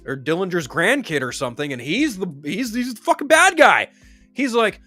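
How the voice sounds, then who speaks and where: Animated, profane man ranting about movies. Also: high-pitched, moderate pace, faint music behind. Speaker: streamer. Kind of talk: casual movie news rant.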